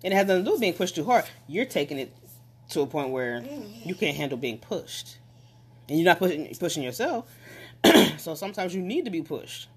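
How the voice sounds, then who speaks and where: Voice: mid-range voice, very animated, fairly quick, husky. A speaker giving a motivational talk, emphatic and repetitive, pressing listeners directly with questions and urging them to act.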